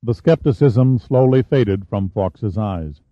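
A man reading a novel aloud as narrator, telling the story in an even manner and shifting his voice for the dialogue. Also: fairly low pitch, slow pace, dry recording, dull audio. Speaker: audiobook narrator. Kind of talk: scripted narration with character voices.

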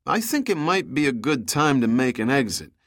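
A man reading an audiobook, voicing a wisecracking male sidekick in a low, gruff voice. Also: big pitch swings, normal speed, a bit bright. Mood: wry.

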